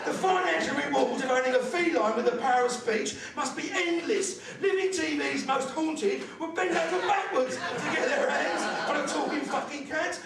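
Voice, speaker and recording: A man's voice: extremely high pitch, moderate pace, vocal fry, few pauses. A man doing a crude, sweary stand-up set, ranting through his punchlines. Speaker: stand-up comedian. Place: comedy club stage with live audience. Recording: echoey live club, far-off mic, loud crowd.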